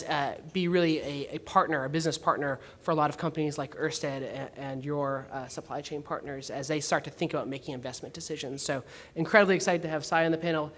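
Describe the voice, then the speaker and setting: A man moderating a conference panel, introducing the speakers in a chatty, halting way. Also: a little high, fairly bright tone. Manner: chatty, halting with fillers and restarts.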